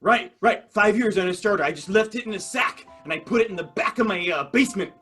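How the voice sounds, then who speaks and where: A man's voice: high voice, animated, fast, pushed and bright, soft background music. A man playing an improv comedy scene over a video call, mock-formal and playful. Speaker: improv player.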